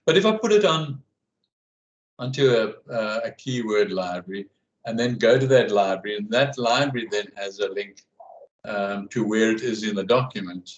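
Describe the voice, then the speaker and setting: Halting man with a low voice. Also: muffled recording. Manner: halting, with many fillers and restarts. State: hiccuping. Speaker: class guide and researcher. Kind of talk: casual conversation.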